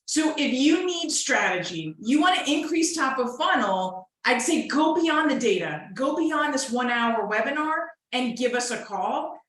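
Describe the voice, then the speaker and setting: Upbeat woman co-host, slightly high voice, heavy room echo. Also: fairly bright tone. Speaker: real estate webinar co-host. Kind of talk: casual market update webinar. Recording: very echoey room.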